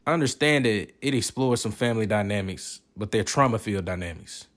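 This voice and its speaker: A man's voice: on the low side, brisk. A man giving casual, joking and profane commentary while reviewing movies. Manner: profane, joking, animated reactions.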